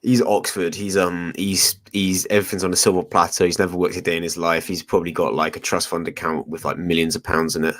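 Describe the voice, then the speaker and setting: A man's voice: low-pitched, flat delivery, fast, few pauses, a bit bright. A man from the United Kingdom with a British accent, calling into a livestream and talking bluntly and mockingly. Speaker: guest caller. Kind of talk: casual livestream chat.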